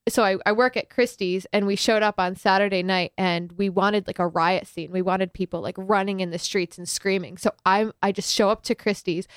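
Chatty young woman with a smooth voice. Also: medium pitch, moderate pace, few pauses, dry recording, clean studio sound. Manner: chatty, many filler likes, animated retelling. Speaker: student filmmaker guest. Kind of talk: casual interview chat.

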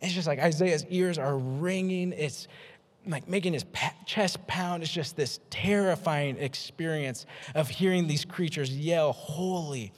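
A man preaching a sermon as a pastor, energetic and self-deprecating, repeating words for emphasis. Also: on the high side, a little slow. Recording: long hall reverb.

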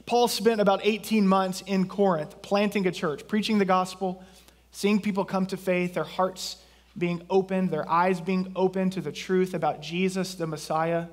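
A man from southeast Texas preaching a sermon as pastor, in a conversational way with jokes and asides. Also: sits high.

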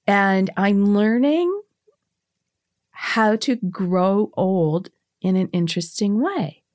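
A woman's voice: mid-range voice, animated, takes it slowly, a little mellow, no room sound. A woman in her sixties telling stories as a guest in casual conversation, chatty and laughing often, with many restarts. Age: 60s.

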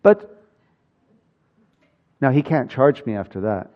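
A man's voice: mid-range voice, very animated, slow. A man preaching a sermon, telling stories with wry humor and building emphasis. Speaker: pastor. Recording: dull lo-fi sound.

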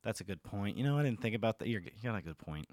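A man's voice: lowish voice, lively intonation, very fast, a little mellow, no echo, clean studio sound. A man co-hosting a podcast, wry and playful, trading jokes in casual banter. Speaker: podcast co-host.

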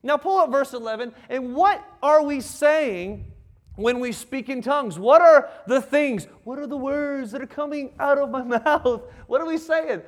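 A man in his seventies with a Southern US accent, preaching a sermon in a folksy, animated way and doing playful impressions. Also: very high voice, unhurried. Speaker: pastor.

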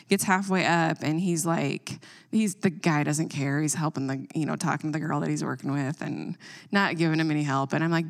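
A woman in her thirties telling a funny parenting story in casual chat, lively and expressive. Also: a little fast. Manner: animated storyteller, quotes herself with higher voice. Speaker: parent and co-host.

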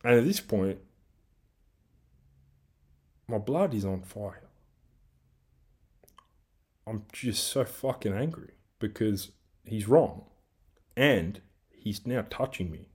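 Australian man ranting, low dark voice. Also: lively intonation, slow, long pauses, breathy edge. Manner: angry, heavy swearing, rambling rant; self-described big guy who coaches team training. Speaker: podcast host. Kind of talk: solo ranting monologue.

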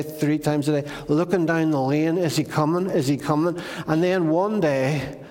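A man preaching a sermon, retelling a story in an animated, conversational way. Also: a little high. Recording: long reverb of a large hall.

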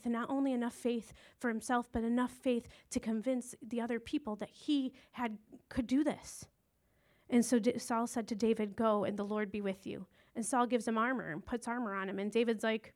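A woman's voice: fairly high pitch, darkish tone. A woman teaching a casual Bible lesson, retelling a story in a chatty, informal way with slang asides.

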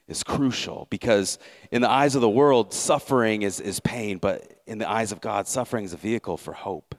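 Brief: male preacher, low voice, earnest sermon delivery with restarts. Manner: earnest, repeats words as he builds a point. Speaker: pastor.

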